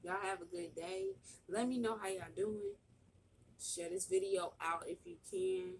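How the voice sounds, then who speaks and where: Woman vlogger just chattin at home, slow drawl, kinda dramatic, lil background hiss. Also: medium pitch, sing-song, gravelly, darkish tone. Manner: dramatic, pleading to the Lord in a sing-song wail. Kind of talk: casual mukbang chat. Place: indoors at home.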